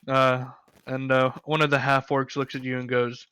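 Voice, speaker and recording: Man, game master, easygoing, bright voice, dry close sound. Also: medium pitch, little pitch movement, normal speed, clean tone, no echo. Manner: easygoing, full of fillers. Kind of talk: narrating a tabletop game.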